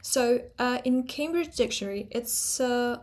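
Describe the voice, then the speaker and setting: Woman teaching phonetics, musing aloud. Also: fairly high pitch. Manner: talks things through aloud, pausing on fillers and repeating sounds slowly to demonstrate. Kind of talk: explanatory pronunciation lesson.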